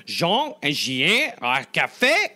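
Guy cohosting a comedy podcast, bright voice that jumps all over, teasing and cracking jokes. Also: on the high side, wildly swooping pitch, takes it slowly. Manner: jokey, teasing interjections. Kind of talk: casual comedic chat.

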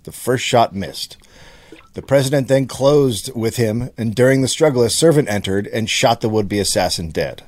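Man co-host, deadpan newspaper reader, animated intonation, dry close sound. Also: mid-range voice, moderate pace, no echo. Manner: reads news items aloud, dry and matter-of-fact. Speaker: co-host reading old newspaper stories. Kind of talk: casual comedy podcast chat.

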